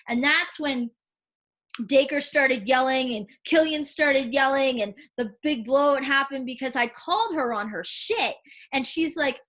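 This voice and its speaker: A woman with a high voice talks on a video call. She is blunt, swears often and acts out other people's words as she tells the story. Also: animated, unhurried, a bit bright. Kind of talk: heated casual chat.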